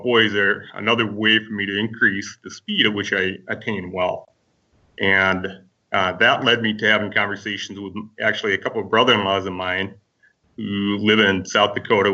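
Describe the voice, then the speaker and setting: A man from Minnesota, a podcast guest, telling his story in a relaxed, rambling way with lots of fillers. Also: lowish voice, fairly quick, far from the mic, lo-fi sound.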